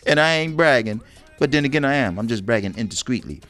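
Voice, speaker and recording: Animated bragging man co-hosting a podcast. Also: medium pitch, quick pace, faint music behind. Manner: animated, bragging, acts out quotes. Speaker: podcast co-host. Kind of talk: casual relationship talk.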